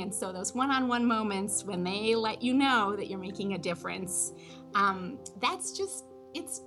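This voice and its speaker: A woman high school teacher telling an emotional personal story about a student. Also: a bit bright.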